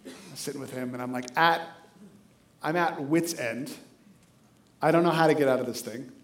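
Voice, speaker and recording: A man's voice: on the high side, normal speed, echoey room. A man in his thirties preaching a sermon, telling a story with jokes and acting out the dialogue. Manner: animated, acts out dialogue, jokes with the congregation. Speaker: pastor.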